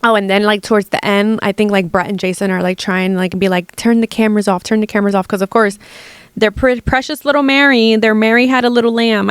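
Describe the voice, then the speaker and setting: A young adult woman hosting a casual gossip podcast, animated and exasperated, full of "like" and swearing. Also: medium pitch, clean tone, no echo. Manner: animated, heavy use of "like", profane, exasperated. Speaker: podcast host.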